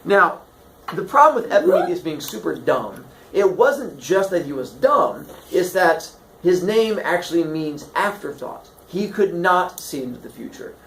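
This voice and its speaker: In an echoey room, a man with a rather high voice teaches a class by turning old myths into comic stories, speaking at a measured pace. He's animated and jokey, putting on silly voices for the characters, and there's a faint hiss or hum.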